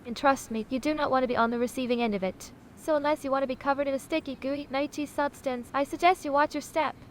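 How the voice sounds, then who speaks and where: A woman's voice: sits high, steady tone, quick pace, a little hiss or hum, lightly acted. A text-to-speech woman's voice playing a sassy, self-important AI chatbot that calls itself a sausage, haughty and condescending, calling people honey. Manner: haughty, dramatic, condescending, says honey a lot.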